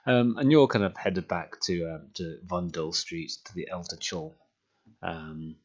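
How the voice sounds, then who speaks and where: Low-voiced game master. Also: male voice, measured pace. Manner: chatty, lots of ums, dry jokes. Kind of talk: recap and game narration. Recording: dull lo-fi audio.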